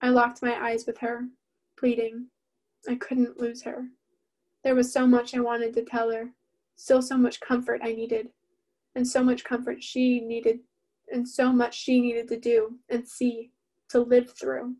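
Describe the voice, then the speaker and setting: A woman reading her own novel aloud in the first person, steady and even-toned. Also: fairly high pitch, measured pace.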